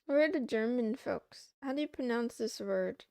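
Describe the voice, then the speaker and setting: A young woman, a VTuber streamer, codes at her desk while chatting playfully with her livestream chat, giggly and animated. Her voice is a little high with a gravelly fry, and she talks slowly. The casual coding stream is recorded close and dry, with no echo.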